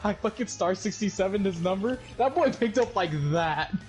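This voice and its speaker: A young man chatting casually with friends on a stream, telling animated stories, swearing freely and laughing often. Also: on the high side, fast, hardly any pauses, soft background music. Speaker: gamer on a voice-chat stream. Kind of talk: casual chat.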